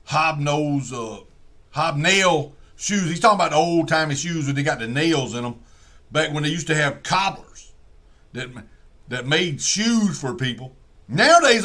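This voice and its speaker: A man with a drawl spins a comic yarn in a high, bright voice. He rambles from one tangent to the next in a folksy, profane way. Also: animated, unhurried. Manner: folksy, profane, digressive storytelling. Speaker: comedian.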